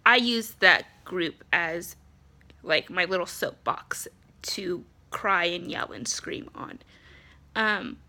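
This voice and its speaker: Bright-voiced nasal woman venting. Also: a little high. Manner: frustrated, blunt, swears, many ums. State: congested, nasal. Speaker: vlogger, spouse of an ill partner. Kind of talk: casual venting monologue.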